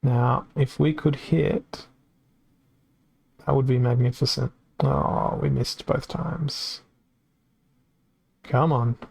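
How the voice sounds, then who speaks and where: A man's voice: mid-range voice, fairly even intonation, slow, gravelly, long pauses, darkish tone, slightly rough. A man with an Australian accent giving casual live-stream commentary on a card game, chatty and reacting aloud as it plays out.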